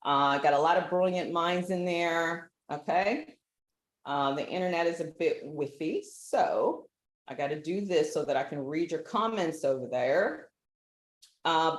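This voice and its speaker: A woman's voice: fairly low pitch, expressive, a little slow. Chatty woman live-streaming in an echoey room. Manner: chatty, laughing, easily sidetracked. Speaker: livestream host. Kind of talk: casual live stream chat. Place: relative's house.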